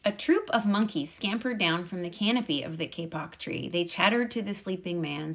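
A woman teacher reading a picture book aloud to a class in a calm, measured way. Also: fairly low pitch.

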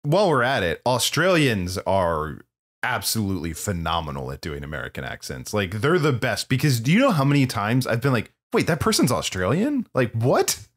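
A man co-hosting a podcast, chatting casually about a movie with animated, opinionated remarks and frequent laughs. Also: lowish voice, brisk. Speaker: podcast co-host. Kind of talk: casual movie-review chat.

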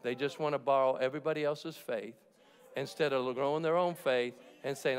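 A man's voice: medium pitch, fairly even intonation, a little fast. A man preaching a sermon as pastor, in an emphatic and jokey way, acting out the people he quotes. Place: large church sanctuary. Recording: long reverb of a church hall.

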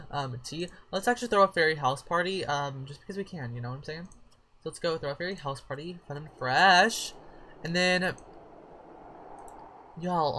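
Bright, chatty woman gamer. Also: lowish voice. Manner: chatty, profane, with sudden shrieks of surprise. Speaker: gaming channel host. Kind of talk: casual let's-play commentary.

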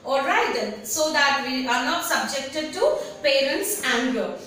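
Slow, bright-voiced teacher. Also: female voice, high voice, expressive, recorded from a distance. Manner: patient, repeats key words and asks students to underline. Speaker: English teacher. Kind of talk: online class lesson explaining a story. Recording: very echoey room, away from mic, faint noise.

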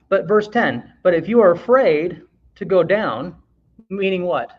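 Slow and punctuated by long pauses, a high-voiced man's Bible lesson comes through with dull, lo-fi audio. He keeps it relaxed and conversational, reading verses aloud, quizzing the class and adding a joke now and then.

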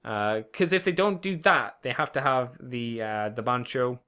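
A man's voice: mid-range voice, normal speed, sharp tone, smooth. A man co-hosting a casual podcast, rambling along, swearing easily and chuckling often. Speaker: podcast co-host. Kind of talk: casual chat.

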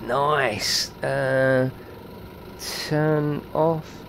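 A man giving excitable, chatty live commentary while streaming a game and talking to his viewers. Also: mid-range voice, unhurried, pauses often, a little hiss or hum.

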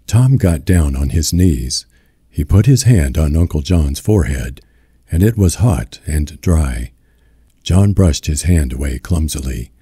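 A man narrates an audiobook in a slow, soothing manner close to the mic. His voice is extremely deep, dark and husky, with a lively rise and fall. The sound is dry with no room around it. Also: no echo. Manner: slow, soothing ASMR delivery.

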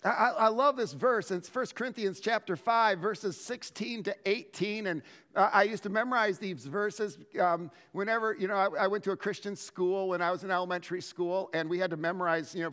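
A man preaching a sermon as pastor, telling stories in an animated way and often restarting his words. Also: high-pitched, in a large hall. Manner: animated storytelling with frequent word restarts.

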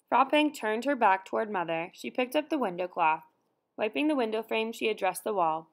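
Female audiobook narrator, steady and measured storytelling. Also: a little high. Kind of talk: scripted narration.

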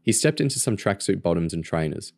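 A man reading a novel aloud in a steady, plain storytelling manner. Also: low-pitched, fairly quick, vocal fry, dry recording. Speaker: audiobook reader. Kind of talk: reading a novel aloud, doing character voices.

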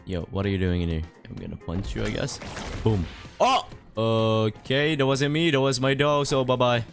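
A young man giving casual commentary over his own gameplay, excitable and laughing, repeating short phrases. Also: medium pitch, moderate pace, vocal fry, faint music behind. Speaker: gaming youtuber.

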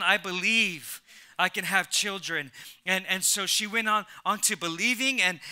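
A man preaching to a church congregation in a high, ringing voice with a very bright, forward tone. He prompts the crowd to repeat lines after him, often restarting his phrases and swinging from soft asides to loud calls. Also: clear, resonant tone. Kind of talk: energetic sermon with call and response. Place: church service before a congregation.

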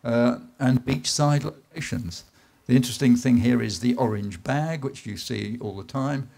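A man from England giving a live slide presentation at an art event, telling stories in an unhurried way with frequent "uh"s and some lines dropping to a soft voice. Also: medium pitch, creaky. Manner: unhurried, anecdotal, with filler "uh"s and dips to a soft voice. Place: event space in a garden venue.

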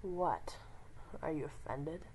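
A woman's voice: slow, a little mellow, husky, heavily acted, poor audio. Woman doing a sly, mocking tomcat. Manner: mocking, low and half-whispered. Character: sly teasing male tomcat warrior.

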